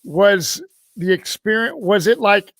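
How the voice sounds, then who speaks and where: A man's voice: sits high, slow pace, a bit bright, no room sound. A man co-hosting a casual chat, eagerly agreeing and asking questions, swearing casually. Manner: eager, frequent affirmations, swears. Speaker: co-host.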